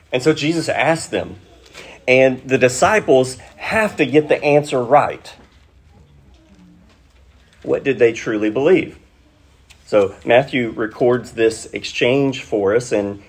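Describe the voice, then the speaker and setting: A male preacher who unpacks scripture at an unhurried pace, pausing to ask his listeners questions. His voice has a husky, slightly breathy edge, and he keeps a teacherly tone that sits in a mid pitch. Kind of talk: expository sermon.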